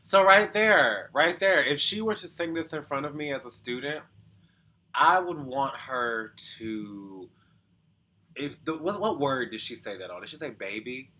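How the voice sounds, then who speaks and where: A man with a sharply bright, forward voice at an ordinary pitch, reacting as a vocal coach. He thinks out loud with plenty of hedges and breaks into quick sung demonstrations. The delivery stays casual and explanatory. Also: expressive, a little hiss or hum. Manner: thoughtful, hedging, explains and sings short demos.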